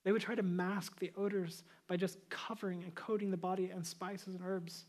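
A male pastor giving a sermon, moving from casual storytelling to loud, emphatic preaching. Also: high voice, flat delivery, normal speed.

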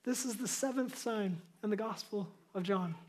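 A male pastor preaches in a high voice for a man. He tells the story in a conversational way, then drives his points home loudly and with emphasis. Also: moderate pace. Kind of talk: sermon.

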